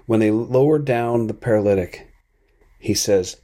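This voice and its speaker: A man hosting a podcast, giving an earnest, thoughtful devotional talk at an unhurried pace. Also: lowish voice, dark tone.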